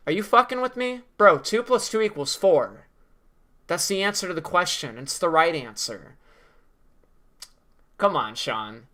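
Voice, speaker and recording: A man's voice: high voice, lively intonation, measured pace, long pauses, pushed and bright. A young man ranting in a commentary vlog, sarcastic, profane and mocking. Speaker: video creator.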